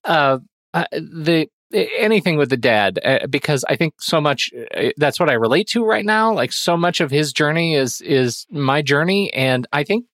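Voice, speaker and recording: A man in his forties hosting a podcast film discussion, talking haltingly with many fillers and restarts. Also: a little high, animated, fairly bright tone, no echo, clean studio sound. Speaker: podcast host.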